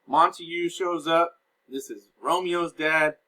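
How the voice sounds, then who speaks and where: Male teacher, bright, slightly high voice, casual lecture recap, paraphrasing scenes for students. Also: fairly even intonation, takes it slowly, poor audio. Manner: casual explaining, reads and paraphrases lines.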